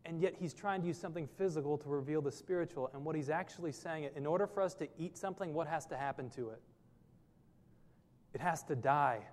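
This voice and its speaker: Male pastor, sermon delivery, earnest and questioning, a touch high-pitched, reverberant sanctuary sound. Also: brisk, darkish tone. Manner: earnest preaching with many rhetorical questions.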